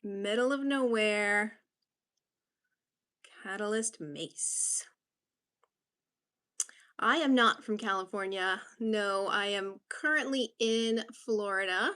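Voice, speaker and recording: A woman's voice: mid-range voice, slow, long pauses, bright, forceful tone, smooth. A woman from Massachusetts hosting her first livestream, chatting casually and greeting viewers by name in an upbeat way. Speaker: livestream host. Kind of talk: casual live-stream chat.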